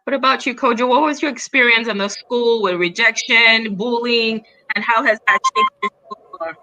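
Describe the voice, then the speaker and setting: A woman's voice: on the high side, normal speed, bright, forceful tone, lo-fi sound, faint music behind. A woman moderating an online panel, giving short encouraging acknowledgements and asking guests questions. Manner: brief encouraging backchannels. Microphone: video call.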